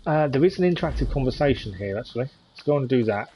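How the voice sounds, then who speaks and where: Man, live game stream, casual chat, middle pitch, hesitant, lots of ums. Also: lively intonation, quick pace, warm tone, a little hiss or hum. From United Kingdom. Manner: chatty, hesitant, many ums. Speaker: gaming streamer.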